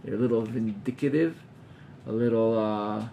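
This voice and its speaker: Animated rabbi teaching a class. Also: male voice, fairly low pitch, normal speed, a little hiss or hum. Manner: animated, acts out scenes with gasps, mixes Hebrew terms. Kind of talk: informal Torah class with students.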